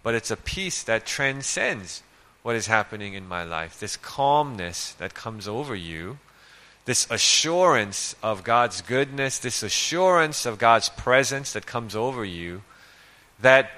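A man's voice: mid-range voice, expressive, a little slow, sharp tone. A male preacher giving a conversational sermon, reading scripture and asking rhetorical questions.

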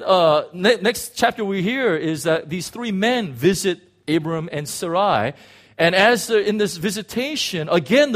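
A man preaching a sermon in an animated way, acting out biblical figures, with frequent restarts. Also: high voice. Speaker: pastor.

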